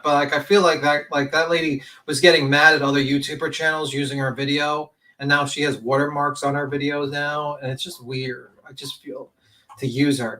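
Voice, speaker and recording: A man's voice: mid-range voice, sharp tone. A man on a casual true-crime panel, thinking aloud and hedging.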